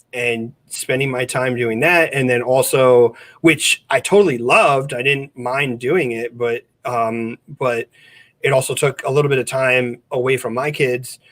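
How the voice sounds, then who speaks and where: A man's voice: medium pitch, a bit bright. Brief: male teacher, earnest, talks on and on with restarts, casual podcast chat from home. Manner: earnest, explains at length with restarts. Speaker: special education teacher, podcast regular.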